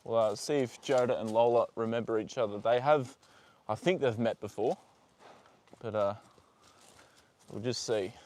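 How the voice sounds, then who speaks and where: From a horse paddock, an Australian man hosts a casual livestream, reading out viewers' comments, talking fondly to his horses, and swearing casually. His voice is medium-pitched and darkish, at a moderate pace with long pauses.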